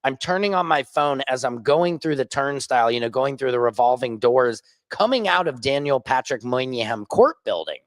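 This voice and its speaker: A man vlogging as an independent journalist, ranting casually and joking, swinging between high excited bursts and low mutters. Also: moderate pace, few pauses, no echo. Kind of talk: casual vlog rant. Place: rooftop.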